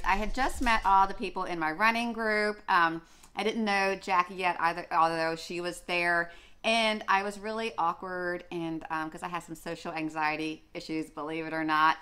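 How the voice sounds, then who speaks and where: A woman's voice: medium pitch, sharp tone. A young woman vlogging in a casual, chatty way, gushing, with many fillers and restarts. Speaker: running vlogger. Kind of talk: casual chat.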